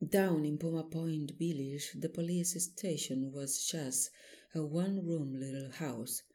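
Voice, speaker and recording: Guy reading a detective story aloud, slow, husky, kinda dark mellow voice. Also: fairly high pitch, fairly even intonation. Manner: measured, plain reading of a simplified novel. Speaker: audiobook narrator. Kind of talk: first-person story narration.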